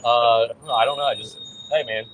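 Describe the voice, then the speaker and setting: A man hosting a casual breakfast livestream, chatty and upbeat, giving shout-outs to viewers. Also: mid-range voice, fairly even intonation, normal speed, slight background noise, rough recording. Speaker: host.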